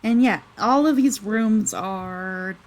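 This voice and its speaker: A woman serves as game master for a tabletop game, narrating in a chatty, rambling way full of fillers and self-corrections. Her medium-pitched voice is slow and a little mellow, and the audio quality is poor.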